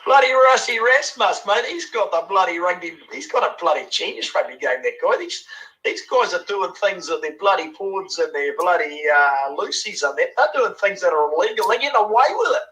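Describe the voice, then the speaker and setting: Older NZ man, 60s, bright forceful voice, slightly high, chatty, rambling, leans on "eh?". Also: expressive, fairly quick, rough recording. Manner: chatty, peppers every line with "bloody" and "eh?". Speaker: caller sending a voice message. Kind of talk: rambling rugby opinion message.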